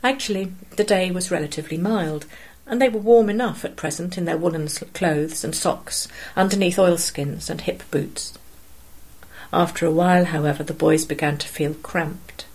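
A woman narrating a story aloud in a steady, measured way. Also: lowish voice, husky, poor audio.

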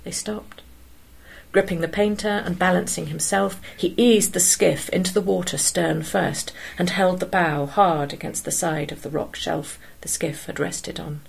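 A woman narrating a story aloud in a steady, measured way. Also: on the low side, gravelly, breathy edge, rough recording.

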